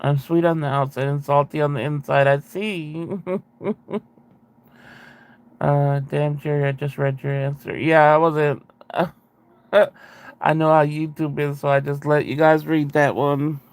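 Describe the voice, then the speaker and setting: Man, casual video chat, rambling, self-correcting, gravelly, smooth resonant tone. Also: on the high side, level tone, measured pace, long pauses. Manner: rambling, self-interrupting, laughs often. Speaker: channel host reading viewer comments.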